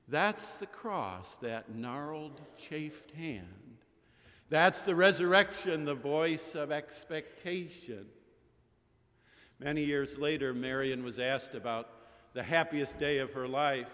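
A man's voice: fairly high pitch, slow, a bit bright. A middle-aged man preaching an Easter sermon, telling stories with rising, emphatic cadences. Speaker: pastor. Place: large chapel. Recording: long chapel reverb.

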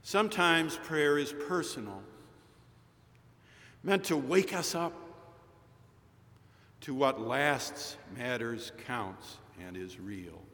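Slow-preaching man in a reverberant chapel. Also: mid-range voice, bright, forceful tone. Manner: slow, storytelling delivery with quoted dialogue. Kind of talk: sermon. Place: large chapel. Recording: chapel recording with long reverb.

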